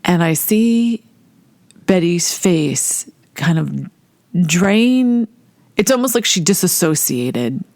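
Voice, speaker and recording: A woman casually telling a personal story, animated and acting out the voices of people she quotes. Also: fairly low pitch, slow pace, no echo. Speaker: storyteller recounting a personal memory.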